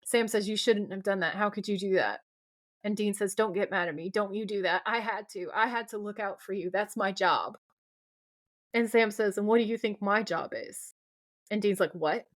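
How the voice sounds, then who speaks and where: A woman's voice: mid-range voice, normal speed. A young adult woman co-hosting a podcast, effusively retelling TV scenes by quoting the dialogue. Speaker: podcast co-host. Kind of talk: casual recap chat.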